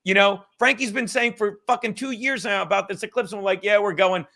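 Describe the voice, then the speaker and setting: Bright, fired-up, swearing stream host. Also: male voice, high voice, fairly even intonation, brisk. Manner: profane, rambling, fired-up. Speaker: livestream host. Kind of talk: livestream chat.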